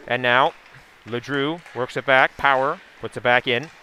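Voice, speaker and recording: A man giving a steady, running play-by-play call of a hockey game, with asides and sponsor plugs. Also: medium pitch, measured pace, faint music behind. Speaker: play-by-play commentator. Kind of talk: live hockey play-by-play commentary.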